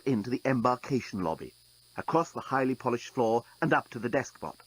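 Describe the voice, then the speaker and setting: Man reading an audiobook, husky voice, lots of rise and fall, dry wry delivery. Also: mid-range voice, animated, brisk, poor audio. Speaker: narrator. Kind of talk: audiobook narration.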